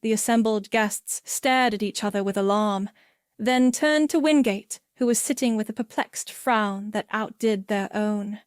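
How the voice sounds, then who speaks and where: A woman reading a mystery story aloud in a clear, measured narration. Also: mid-range voice, no room sound, studio quality. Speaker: audiobook reader.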